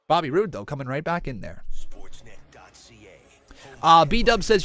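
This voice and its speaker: Excitable man yelling wrestling commentary. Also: fairly high pitch, a little slow, long pauses, faint music behind. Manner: yells and cheers during big moves, chats calmly between them. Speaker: live-stream wrestling reactor. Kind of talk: excited live play-by-play commentary and chat. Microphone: cheap microphone.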